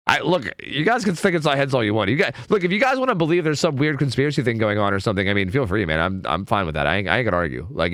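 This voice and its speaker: A man's voice: medium pitch, a bit bright, no room sound, clean studio sound. A man streaming casually, rambling and swearing, and filling his talk with "like". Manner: rambling, heavy use of filler "like", swearing.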